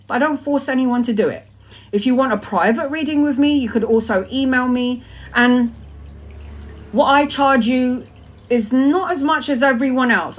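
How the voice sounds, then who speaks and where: A woman in her forties, a tarot reader talking in a casual live-stream monologue, emphatic and repetitive, swearing freely as she talks. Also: on the high side. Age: 40s.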